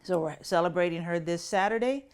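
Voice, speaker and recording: A woman's voice: fairly low pitch, brisk, smooth. A woman pastor hosting a spiritual talk show, speaking earnestly and personally while holding back tears. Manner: earnest and personal, voice softening with grief. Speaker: pastor and podcast host.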